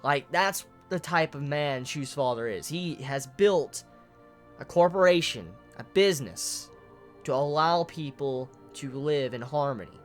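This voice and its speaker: A manga reviewer giving a casual, emotional spoken chapter analysis, excitable and swearing often. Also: medium pitch, unhurried, faint music behind.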